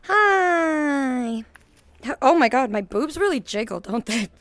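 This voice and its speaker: A young woman livestreaming in casual chat, excitable and giggly, swearing and shrieking often. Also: fairly high pitch, a little fast, a little hiss or hum. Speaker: VTuber streamer.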